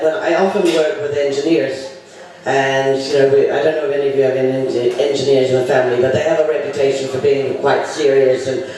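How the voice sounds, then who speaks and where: A man's voice: mid-range voice, a little mellow. Rambling male comedy host. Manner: rambling, many fillers and restarts. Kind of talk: chatty emcee banter. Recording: echoey room, mic from far off.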